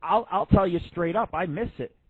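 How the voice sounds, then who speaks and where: A man's voice: high-pitched, moderate pace, husky. A man in his thirties hosting a radio show, telling rambling, profane stories in a casual monologue. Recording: tinny phone-like line.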